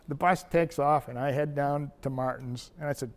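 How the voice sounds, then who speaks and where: A man's voice: fairly high pitch, normal speed, hardly any pauses, long reverb tail. An older man from Maine, a wildlife biologist, telling rambling anecdotes with restarts and quoted dialogue. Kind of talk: oral history storytelling.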